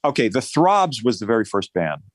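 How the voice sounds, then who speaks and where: A man's voice: medium pitch, big pitch swings, a little fast, dry recording. A middle-aged man from New Jersey, a musician guest telling rambling, self-deprecating stories in a casual interview.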